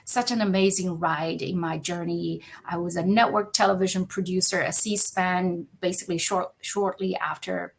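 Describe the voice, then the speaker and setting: Gravelly low-voiced woman telling her story. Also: moderate pace, hardly any pauses, a little hiss or hum. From China. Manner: animated, frequent "right?" tag questions. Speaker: podcast guest, company founder. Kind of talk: conversational storytelling.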